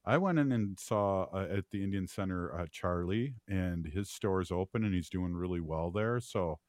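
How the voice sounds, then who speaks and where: A man with a very deep voice hosts a laid-back radio talk show. He rambles warmly through stories, filling gaps with ums and uhs and laughing easily. The studio sound is dry and close. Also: moderate pace, dry recording. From United States. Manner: relaxed, rambling, laughs easily, many fillers. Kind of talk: casual radio chat.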